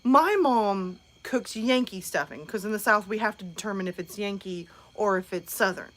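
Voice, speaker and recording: A woman's voice: medium pitch, moderate pace. Chatty woman hosting a live stream. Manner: chatty and animated, answering chat comments. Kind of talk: casual live stream chat.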